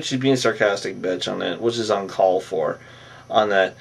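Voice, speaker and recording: A man's voice: fairly low pitch, steady tone, normal speed, gravelly, a bit bright, a little hiss or hum. Rambling man recapping, mic far off. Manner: rambling, many fillers, repeats the phrase "on that". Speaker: show recap host. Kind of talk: casual episode recap.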